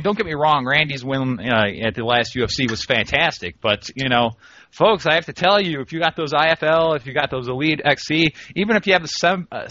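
A man's voice: on the high side, sharp tone, no room sound, lo-fi sound. A man co-hosting a radio talk show in casual banter, rambling and breaking into mock lectures.

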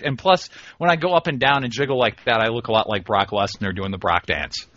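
A man's voice: medium pitch, a little fast, few pauses, fairly bright tone, no room sound, muffled recording. A man co-hosting a radio talk show in casual banter, rambling and breaking into mock lectures.

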